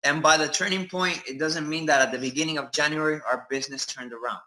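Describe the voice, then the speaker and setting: A man talking casually with hesitant pauses and fillers. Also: on the high side, fairly even intonation, sharp tone, slight background noise, low-quality recording. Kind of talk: casual talk.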